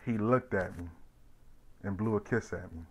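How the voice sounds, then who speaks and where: A man vlogging a personal story from his life, animated and blunt, swinging from loud bursts to hushed tones and swearing freely. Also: on the low side, normal speed, slight background noise, poor audio.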